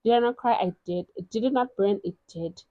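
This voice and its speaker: South african lady gushing about sad books, expressive and dramatic, mellow tone, dry sound. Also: mid-range voice, a little fast, no room sound, lo-fi sound. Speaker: book reviewer. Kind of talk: casual chat. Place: at home, in a gown.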